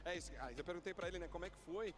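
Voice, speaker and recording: A man's voice: high voice, rapid-fire, noisy background. A man with a Brazilian accent interviewing players on stage and translating their answers. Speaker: post-match interviewer.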